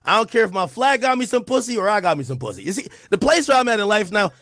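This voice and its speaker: A man from Jamaica hosting a casual livestream, talking loud and animated, acting out quotes between laughs. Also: high-pitched, fast talker, dry recording, studio quality. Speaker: streamer host.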